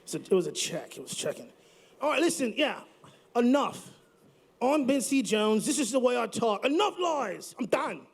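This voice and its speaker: A man's voice: very high voice, sing-song, moderate pace, gravelly, slightly rough, heavily acted. A man putting on a cocky British rocker persona with an accent that drifts toward Australian, trash-talking during a live podcast interview. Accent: put-on British-Australian accent. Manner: swaggering, cocky trash talk. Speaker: musician guest.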